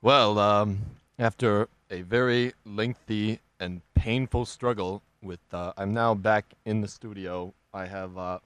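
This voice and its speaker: A man's voice: fairly low pitch, fairly even intonation, takes it slowly, hardly any pauses, a bit bright, smooth, no room sound. A male radio host talking casually, exasperated and swearing a lot. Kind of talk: casual profane radio chat.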